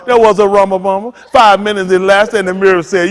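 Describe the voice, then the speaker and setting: A man's voice: high voice, fairly quick, hardly any pauses. A man preaching to his congregation in a loose, joking style, talking straight to the room. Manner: animated, joking, talks to the congregation. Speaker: pastor. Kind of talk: freewheeling preaching with comic asides.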